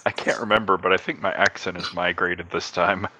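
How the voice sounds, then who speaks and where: A man's voice: low voice, fairly even intonation, brisk, sharp tone, slight background noise. A man chatting casually on a podcast, hedging his words and laughing easily. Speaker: podcast co-host. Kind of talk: casual chat. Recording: dry, muffled lo-fi mic.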